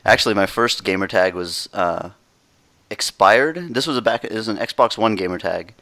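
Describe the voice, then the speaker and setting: A man chatting casually about video games, relaxed and quick to laugh. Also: fairly low pitch, dry recording.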